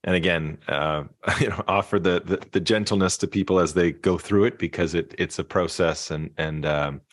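A singer-songwriter and keynote speaker, guesting on a podcast, talks reflectively in a conversational interview, restarting often with soft fillers. His deep voice has fairly even intonation at normal speed. No echo is present.

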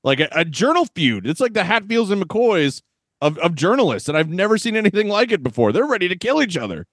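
A man in his thirties co-hosting a podcast, joking about old movies in a wisecracking, animated way and laughing often. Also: sits high, fairly quick, no echo, studio quality. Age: 30s. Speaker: podcast co-host. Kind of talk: casual movie-review chat.

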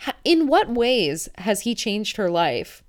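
A woman's voice: mid-range voice, big pitch swings, slow pace. A woman hosting a podcast, recapping a reality show in chatty, opinionated talk full of "like". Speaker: podcast host.

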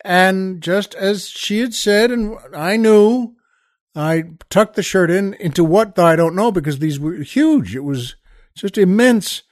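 High-voiced man telling a lively story. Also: unhurried, dry recording, clean studio sound. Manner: animated, acts out quoted voices, shifts between hushed and loud. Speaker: comedian telling a backstage story. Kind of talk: storytelling anecdote.

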